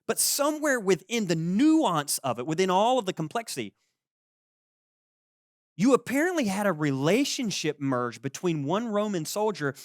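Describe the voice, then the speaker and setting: A man in his forties preaching a sermon as pastor, conversational and lively, acting out the people he quotes. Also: sits high, dry recording, studio quality. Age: 40s. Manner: conversational, animated, acts out quoted voices.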